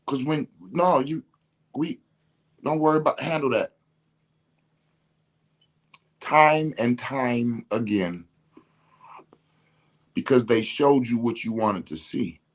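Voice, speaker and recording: A man's voice: mid-range voice, expressive, moderate pace. Man, mid-range voice, emphatic, slangy, repeats words, casual rant. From Detroit. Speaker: podcast host.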